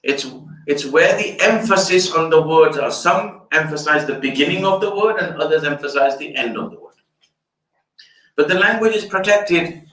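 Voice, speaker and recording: Bright older man lecturing in echoey hall. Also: on the high side. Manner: explanatory, lecturing. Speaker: Islamic scholar giving a talk. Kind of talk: fundraiser lecture. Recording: echoey room, distant mic.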